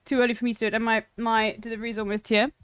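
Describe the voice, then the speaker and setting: A South African woman streamer reading an article aloud in casual chat, breaking off with wry, swearing asides and halting restarts. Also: fairly high pitch, flat delivery, fairly bright tone, smooth, dry recording.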